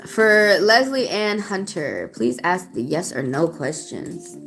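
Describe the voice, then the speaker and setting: A woman with a Southern US accent and a fairly low voice gives a live-stream tarot reading. She is chatty and outspoken, and she talks straight to her viewers in the chat. Soft music plays faintly behind her. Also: very animated, slow pace. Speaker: tarot reader. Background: faint background music.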